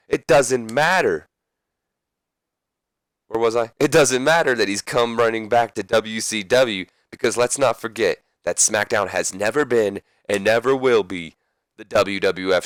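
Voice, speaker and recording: A man putting on the voice of a boastful male wrestling superstar who talks about himself in the third person, taunting loudly, recorded on a close microphone. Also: lowish voice, no room sound, natural voice.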